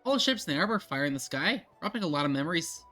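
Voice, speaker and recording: Streamer voicing a gruff, hearty older barkeep with a mock drawl and bright, swinging delivery. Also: medium pitch, animated, very fast, soft background music. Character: gruff older male tavern keeper. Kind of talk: reading game dialogue aloud.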